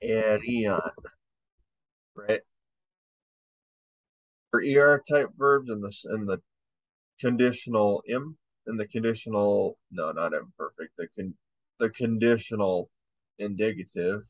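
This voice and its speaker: A man with a lowish voice, recorded dry in a home room, leads an informal language lesson. He drills verb conjugations slowly and out loud, stopping to correct himself mid-sentence, on a dull lo-fi recording.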